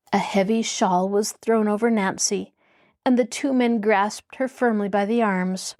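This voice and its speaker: A woman host reading a mystery novel aloud as a measured, expressive storybook narration. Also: mid-range voice. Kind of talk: scripted narration.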